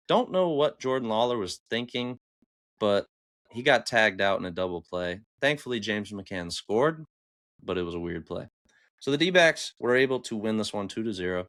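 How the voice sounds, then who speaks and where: A man hosting a sports podcast, telling a game recap in an excitable, animated storytelling way. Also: lowish voice. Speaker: podcast host. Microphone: camera on upper body, desk mic.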